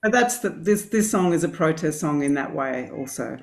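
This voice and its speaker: A woman's voice: sits low, lively intonation, normal speed. A middle-aged woman from a band, answering interview questions thoughtfully and hesitantly, with many ums. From Australia. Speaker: band member.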